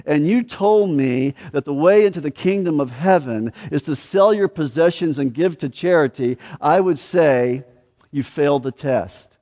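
A man's voice: on the high side, expressive, moderate pace, few pauses, warm tone. Preaching man in a reverberant hall. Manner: emphatic preaching, rising and dropping in volume. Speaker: pastor. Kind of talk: sermon.

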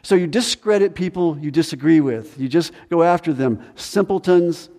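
A man preaching a sermon as pastor, animated, acting out the voices of people in the story. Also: fairly high pitch, fairly quick, in a large hall. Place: church sanctuary.

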